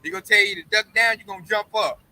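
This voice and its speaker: Brief: high, bright-voiced male Bible teacher, emphatic and slangy, with faint traffic in the background. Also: steady tone, fast, rough recording. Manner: emphatic, slangy, keeps saying "man". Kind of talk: casual preaching discussion.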